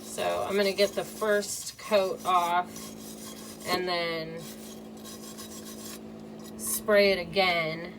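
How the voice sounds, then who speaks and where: A woman's voice: lowish voice, flat delivery, drawn-out words, long pauses. A woman from the Midwest with a Midwestern accent, chatting casually through a DIY restoration project and talking straight to her viewers. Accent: Midwestern American. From American Midwest. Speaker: DIY crafter. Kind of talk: casual how-to narration. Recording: distant mic with room noise.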